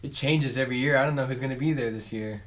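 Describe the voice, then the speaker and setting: Bright-voiced man telling animated stories. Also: medium pitch, quick pace. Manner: animated storyteller, swears freely. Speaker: band member. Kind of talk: casual chat. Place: office.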